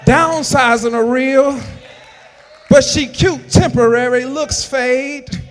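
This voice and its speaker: A man with a strikingly high voice preaches a sermon. His delivery is emphatic, and it builds into shouted lines. A long church reverb trails each phrase. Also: slow, faint music behind, some chatter behind. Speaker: pastor. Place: church sanctuary.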